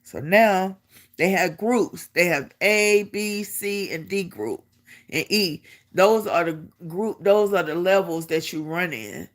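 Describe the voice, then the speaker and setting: A woman's voice: lowish voice, slow. A middle-aged woman telling a personal story in a casual vlog, acting out the quotes and laughing as she goes. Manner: animated, acts out quotes, laughs while telling. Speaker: vlogger.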